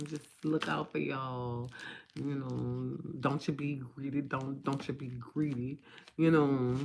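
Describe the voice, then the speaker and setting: Animated New Orleans woman rambling live. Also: low-pitched, slight background noise. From New Orleans area, Louisiana. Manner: animated, swings between loud and hushed, swears. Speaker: livestream host. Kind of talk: rambling live-stream monologue.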